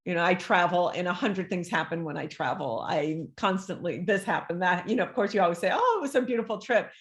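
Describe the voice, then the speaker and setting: A woman's voice: fairly low pitch, a little fast. A woman, a life coach talking as an interview guest and acting out the voices she quotes. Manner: animated, acts out quoted voices. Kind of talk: conversational interview.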